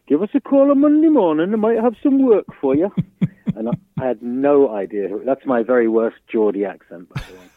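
Older musician, low voice, storytelling on a thin, phone-like remote line. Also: male voice, no echo. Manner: rambling anecdotes with frequent restarts and chuckles. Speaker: musician guest. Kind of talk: casual interview storytelling. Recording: dry tinny phone-like line.

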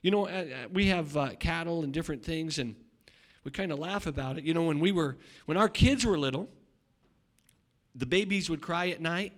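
A middle-aged male pastor preaching a sermon, swinging between loud shouting and quiet asides, often repeating words and restarting. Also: a little high, moderate pace.

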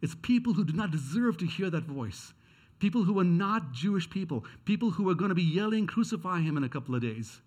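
A man's voice: high voice, lively intonation, a little fast, a little mellow. A man preaching a sermon as pastor. He speaks earnestly and repeats his key questions for emphasis.

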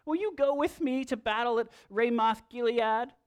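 A man's voice: normal speed, smooth, lo-fi sound. A pastor putting on a whiny voice for a scheming ancient king while reading scripture aloud. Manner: whiny, high and nasal-sounding complaint.

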